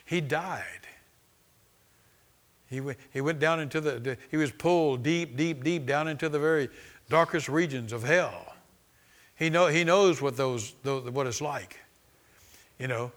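A man's voice: a little high, unhurried, pauses often, fairly bright tone. A man preaching a charismatic sermon, fervent and exclaiming, often repeating words and restarting. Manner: fervent, exclaiming and laughing in faith.

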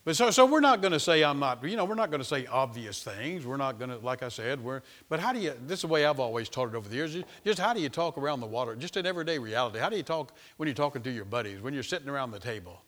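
An older man preaching a sermon as pastor, repeating phrases and swinging from loud to hushed. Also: medium pitch.

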